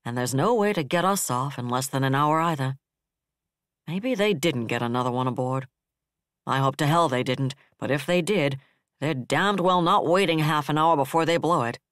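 A man voicing a bitter, level-headed male defense director who speaks flatly and harshly. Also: on the high side, normal speed, dry recording, studio quality, close to an everyday voice.

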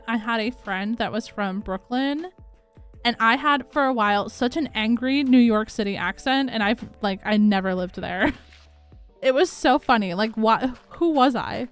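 An upbeat young woman with a slightly high voice chats through a cozy gaming livestream, giggling and greeting her viewers by name. Soft music plays quietly in the background. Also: normal speed, smooth. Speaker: livestream host. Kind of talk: casual chat while gaming, reading chat. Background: faint background music.

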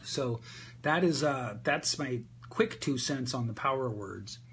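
A man coaching an audience on a group call, answering their questions about voice and speaking in a candid, energetic way with frequent fillers. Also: mid-range voice, a little slow. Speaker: voice and presentation coach. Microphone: video call.

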